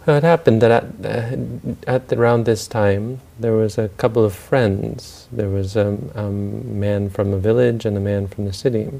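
A man's voice: fairly low pitch, fairly even intonation, normal speed, gravelly, hardly any pauses, dark tone. A man telling a story aloud in a loose, unscripted way, with restarts and asides. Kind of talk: spoken storytelling talk.

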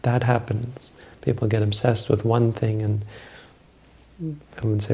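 Gravelly low-voiced male meditation teacher. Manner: calm, measured, explanatory. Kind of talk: answering questions in a talk.

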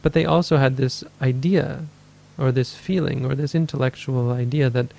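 Here a meditation teacher's medium-pitched voice sounds creaky and mellow, with fairly even intonation at normal speed. His dharma talk answers questions as he thinks aloud, corrects himself, and dramatizes people's inner voices.

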